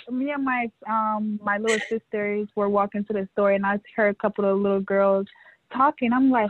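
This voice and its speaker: A woman's voice: medium pitch, moderate pace, slight background noise. A woman from New York, a guest telling stories in a casual chat, laughing often. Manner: laughs often, animated storytelling. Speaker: interview guest, fashion show organizer. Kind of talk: casual conversation. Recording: tinny phone line.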